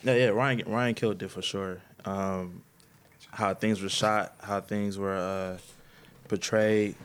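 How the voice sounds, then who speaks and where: Laid-back low-voiced man. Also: steady tone, clean tone. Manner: laid-back, halting, filler-heavy. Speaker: guest. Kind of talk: casual chat.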